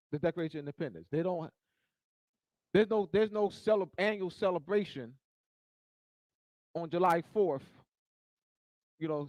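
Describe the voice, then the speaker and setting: A man's voice: no room sound, poor audio. A man giving a teaching talk, repeating phrases for emphasis and building in force as he goes. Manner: grows louder and higher toward the end. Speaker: speaker.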